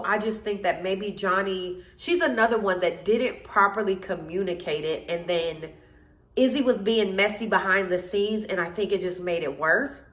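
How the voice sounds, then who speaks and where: A woman giving a blunt, animated recap of a reality dating show, calling out the people she blames. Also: medium pitch. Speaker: reality TV reviewer. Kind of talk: opinionated recap commentary. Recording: roomy echo.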